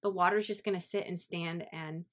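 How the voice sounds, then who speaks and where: A woman's voice: fairly low pitch, fairly even intonation, moderate pace. A woman hosting a devotional podcast, talking earnestly and encouragingly and asking her listeners reflective questions. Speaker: faith podcast host. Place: home in Central Florida.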